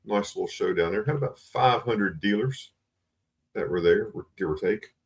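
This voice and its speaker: A man's voice: fairly low pitch, normal speed, husky. A man hosting a casual live-stream coin sale, greeting viewers by name over and over in a chatty way. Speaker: livestream host selling coins.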